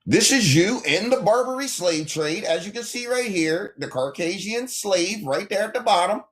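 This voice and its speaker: A man's voice: high-pitched, animated, brisk, few pauses, fairly bright tone. Confrontational man ranting on livestream. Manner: confrontational, taunting, addresses viewers directly. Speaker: livestream host. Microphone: phone livestream.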